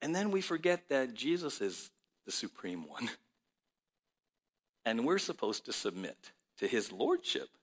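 A male pastor preaching a sermon with animated storytelling and frequent rhetorical questions to his listeners. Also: medium pitch, a little slow, long pauses.

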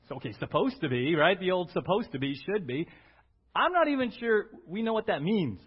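A pastor preaches a conversational, animated sermon, often asking his congregation "right?" His voice is high and brisk with a breathy edge, and the audio is dull.

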